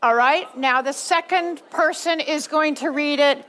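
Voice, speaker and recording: Middle-aged woman teacher from Southern California, patient and clear, a bit high-pitched. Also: measured pace, fairly bright tone, a faint crowd. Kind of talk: classroom instruction.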